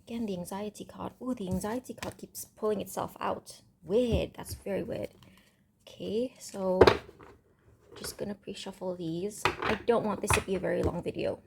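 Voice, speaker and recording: A woman giving a casual, rambling tarot reading to camera, thinking aloud with many pauses and ums. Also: mid-range voice, steady tone, gravelly, very noisy. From Indonesia. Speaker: tarot reader. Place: home room with construction noise next door.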